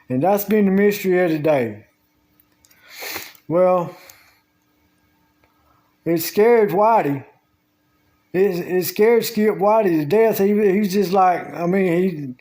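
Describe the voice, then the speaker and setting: A man's voice: sits high, warm tone. A man telling a long, meandering story about his day, casually, at home. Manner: slow, drawling, meandering storytelling with Southern US grammar. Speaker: vlogger. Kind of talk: rambling casual monologue. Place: at home with the door open.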